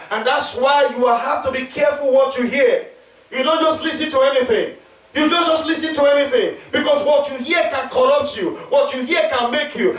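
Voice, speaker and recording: A pastor preaching emphatically, asking the congregation to answer back. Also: male voice, very high voice. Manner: emphatic preaching with call-and-response questions. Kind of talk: sermon. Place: church hall. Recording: echoey church, mic at a distance.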